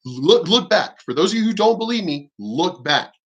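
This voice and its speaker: A man's voice: sits high, big pitch swings, normal speed, a bit bright, highs cut off. A man talking casually in a rambling monologue, emphatic and often swearing. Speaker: vlogger.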